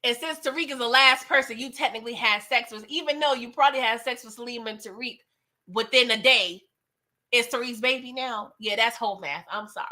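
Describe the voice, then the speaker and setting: A woman's voice: fairly high pitch, fairly quick, sharp tone. A woman hosting a live recap of a TV episode, talking in casual, slangy chat with plenty of laughs and playful sass. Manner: slangy, laughs often, playful sass, acts out quoted dialogue. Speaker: TV recap host.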